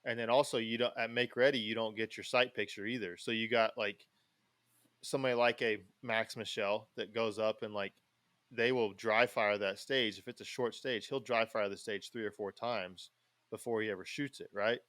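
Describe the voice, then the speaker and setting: A man's voice: fairly low pitch, steady tone, normal speed, a bit bright, dry recording. A man hosting a podcast in casual chat, rambling along with many fillers and restarts. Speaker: podcast host.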